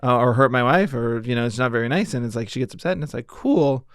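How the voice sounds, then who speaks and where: Dad on a podcast telling candid parenting stories, dry close mic. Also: male voice, medium pitch, quick pace, a bit bright, smooth, no echo. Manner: candid, storytelling with quoted voices. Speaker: podcast co-host, father. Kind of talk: casual chat.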